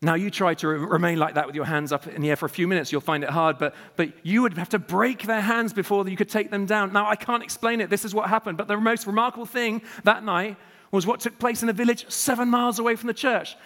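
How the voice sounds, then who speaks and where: A man preaching a sermon as a guest speaker, telling revival stories with emphatic rhetorical questions and animated delivery. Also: high voice, fast talker, long reverb tail.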